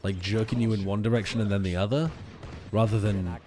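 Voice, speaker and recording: A man in his thirties, a streamer riffing through deadpan, rambling tangents while reading chat. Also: lowish voice, brisk, a little hiss or hum. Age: 30s.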